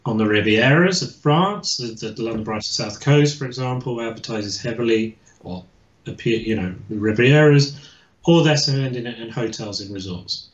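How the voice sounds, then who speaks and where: Brief: male guest historian, halting and full of restarts, lo-fi echoey video-call sound. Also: medium pitch. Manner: hesitant, many restarts and fillers. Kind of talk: casual expert explanation. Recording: echoey and dull lo-fi.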